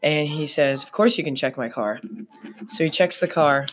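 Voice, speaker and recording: Woman, young adult, low pitch, casual chat, rambling delivery. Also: normal speed. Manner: rambling storyteller, lots of fillers.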